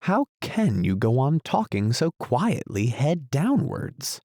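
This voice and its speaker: A man's voice: mid-range voice, big pitch swings, slow, a little mellow, dry recording, clean studio sound, pitched above the performer's own voice. A man reading an audiobook, voicing a polite, curious young girl who asks earnest questions. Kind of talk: audiobook character voice.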